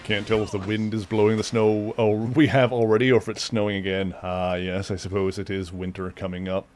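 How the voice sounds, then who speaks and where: A man's voice: fairly low pitch, flat delivery, fairly quick, darkish tone, faint music behind. A male streamer chatting casually and doting on his cat during a live stream.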